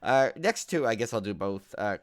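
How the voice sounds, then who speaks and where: A middle-aged man co-hosting a podcast in casual chat, rambling and animated, full of fillers and restarts. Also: fairly low pitch, moderate pace, clean tone, no echo, studio quality. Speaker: podcast co-host.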